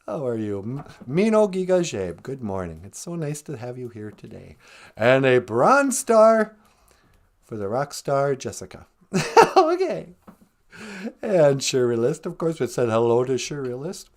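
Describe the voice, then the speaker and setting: A man hosting a casual live-stream podcast, teaching words in an unhurried, musing way and chuckling often. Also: medium pitch, very animated.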